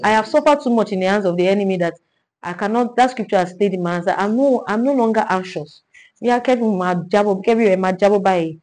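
Woman, Bible study leader, animated teaching, rhetorical questions, mid-range voice. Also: medium pitch, fast, low-quality recording. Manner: animated, repeats herself, asks rhetorical questions.

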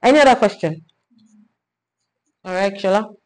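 A woman leading a Bible study, teaching in an animated way, repeating herself and asking rhetorical questions. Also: medium pitch, normal speed, poor audio.

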